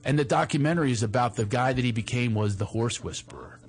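A man's voice: medium pitch, fast talker, music in the background. A middle-aged man with a Philadelphia accent, chatting on a talk show and telling a story with lots of restarts. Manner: chatty storyteller, restarts a lot, puts on a soft cowboy drawl for quotes. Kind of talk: casual chat.

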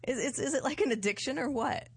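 A woman's voice: high voice, fast talker, breathy edge, dry recording, clean studio sound. A woman co-hosting a podcast, teasing her co-hosts in casual banter and laughing often. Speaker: podcast co-host.

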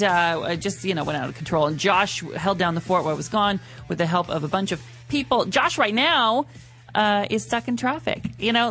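With a voice that sits high, this male host runs a live studio radio show, keeping the banter casual and lively with frequent laughter.

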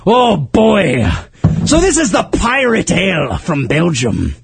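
A man hosting a comedy podcast as a boisterous pirate captain, in a put-on pirate brogue with loud, drawn-out exclamations. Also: high-pitched, huge pitch swings, creaky, noisy background, exaggerated voice. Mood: hearty. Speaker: podcast host. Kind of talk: comedic pirate role-play.

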